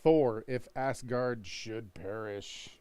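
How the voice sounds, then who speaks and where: A man's voice: medium pitch, takes it slowly, warm tone. Joking man running a comic sale stream. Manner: joking, teasing, rattles off prices and conditions. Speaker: co-host of comic shop live sale. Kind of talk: casual live-stream sales patter.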